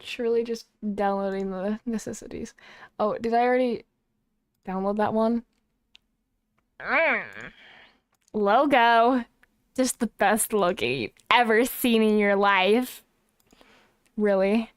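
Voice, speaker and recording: A woman's voice: medium pitch, slow, pauses often, smooth, dry recording, clean studio sound. A young woman chatting casually on a livestream, flustered and self-mocking as she sets things up. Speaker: streamer.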